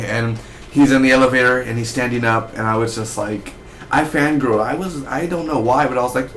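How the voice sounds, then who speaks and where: A man giving a casual spoken review of a TV episode, rambling and excitable with lots of fillers. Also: mid-range voice, a little fast, a little hiss or hum. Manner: rambling, excitable fan talk with many fillers.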